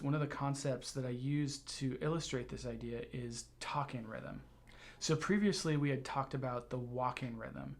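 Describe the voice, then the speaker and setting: Guy teaching a music lesson, laid back, lots of ums. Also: medium pitch. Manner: relaxed, explanatory, with fillers. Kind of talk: tutorial lesson.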